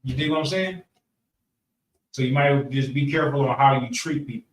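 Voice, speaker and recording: A man's voice: medium pitch, moderate pace. A man leading a group lesson in a preaching style, talking casually, repeating phrases and asking the room for agreement. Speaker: class leader. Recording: echoey room, mic far off, faint noise.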